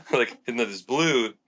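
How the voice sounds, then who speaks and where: Man, lively storyteller, bright voice. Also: mid-range voice. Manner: animated and laughing, with lots of fillers and acted-out quotes. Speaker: fishing charter captain. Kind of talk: casual storytelling in a podcast interview.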